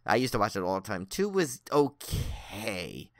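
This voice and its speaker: A man's voice: fairly low pitch, wildly swooping pitch, measured pace, no echo, clean studio sound. A man co-hosting a podcast, chatting casually in a rambling way full of likes and restarts. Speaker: podcast co-host. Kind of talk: casual chat.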